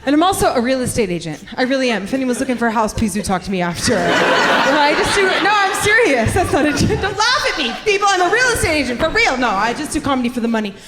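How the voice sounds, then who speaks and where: Brash high-voiced woman doing stand-up. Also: quick pace. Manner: brash, profane, animated storytelling with shouted punchlines. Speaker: stand-up comedian. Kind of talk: stand-up comedy set. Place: comedy club stage in front of a live audience. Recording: live club recording with reverb and crowd noise. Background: audience laughter.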